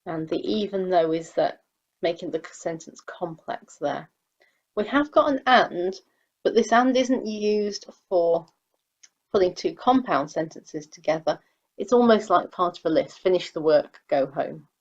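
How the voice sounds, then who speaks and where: Woman teacher going over grammar, patient and explanatory, a bit low, dull lo-fi audio. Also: lively intonation, measured pace. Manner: patient, explanatory, reads example sentences aloud. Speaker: English teacher. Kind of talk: recorded grammar lesson.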